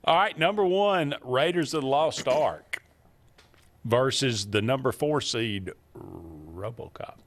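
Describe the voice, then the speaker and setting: A man hosting a casual sports talk radio show, bantering with a co-host and often pausing on fillers. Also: medium pitch, animated, a little hiss or hum.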